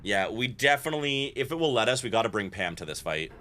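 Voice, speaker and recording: A man's voice: fairly low pitch, lively intonation, fast, pushed and bright, slight background noise. A man streaming a game, chatting playfully with viewers and reading the game's text aloud. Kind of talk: casual gameplay commentary. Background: faint game music.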